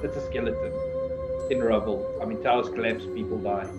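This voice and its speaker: A man's voice: on the low side, huge pitch swings, fairly quick. A man narrating as game master of a tabletop game, hesitating often with fillers. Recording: echoey dull lo-fi audio with music.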